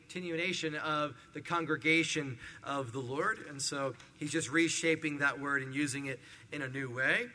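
A man preaches a sermon, working through verses and acting out scenes with lively energy. His voice is very bright and sits a little high. A long hall reverb trails his words. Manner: animated preaching with acted-out scenes. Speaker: pastor.

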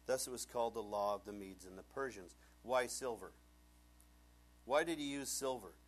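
A man's voice: medium pitch, moderate pace. An older man preaching a sermon as pastor, telling stories with humor and acting out the characters. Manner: animated storytelling, acts out characters, humorous.

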